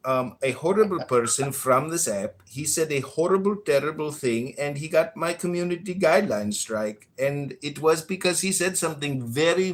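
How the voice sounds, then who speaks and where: A man's voice: medium pitch, a bit bright, lightly acted. A mock-indignant man with a put-on Indian accent, as a man does the voice. He speaks in a stiff, formal, complaining way, a loose parody with a mid-range voice.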